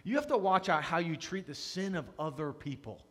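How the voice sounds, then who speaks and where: A man preaching a conversational sermon as a pastor, earnest, dropping to hushed confession and rising to loud emphasis. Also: fairly high pitch, animated, brisk. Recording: long reverb of a large hall.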